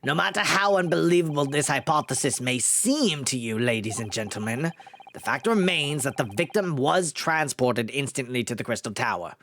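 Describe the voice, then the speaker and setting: A man's voice: mid-range voice, lively intonation, normal speed, a bit bright, slight background noise. A man voicing a stern, formal male prosecutor in a courtroom game.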